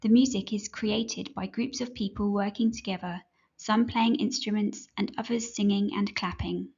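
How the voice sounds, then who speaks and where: A woman narrating a children's music lesson in a clear, measured, instructive way. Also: medium pitch, fairly even intonation, a little mellow, lo-fi sound. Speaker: music teacher. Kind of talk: scripted educational narration.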